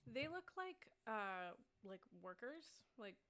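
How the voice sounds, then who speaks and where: A woman's voice: fairly high pitch, big pitch swings, slow pace, fairly bright tone. A woman narrating as game master in a tabletop game, describing the scene with frequent fillers.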